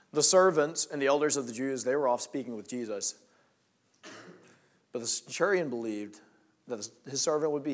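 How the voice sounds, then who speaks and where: A man preaching a sermon in a conversational, storytelling way, dropping to hushed lines and rising to emphatic ones. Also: medium pitch.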